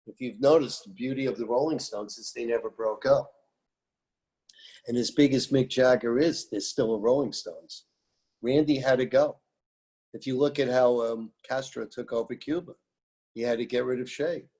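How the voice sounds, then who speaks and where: A man's voice: mid-range voice, normal speed, a little mellow, husky. An American man telling music-business stories in an interview, emphatic and rambling, repeating his phrases. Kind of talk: animated storytelling interview.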